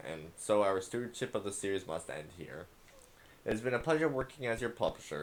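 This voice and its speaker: A man playing a game and casually commenting, muttering and reading notes aloud. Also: slight background noise. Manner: mutters, reads documents aloud in a low murmur. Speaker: let's play gamer.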